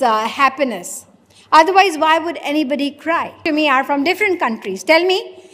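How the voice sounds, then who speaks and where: A woman's voice: high voice, a bit bright. A woman giving a philosophy lecture to an audience, asking rhetorical questions and acting out imagined conversations. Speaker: spiritual lecturer. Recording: long hall reverb.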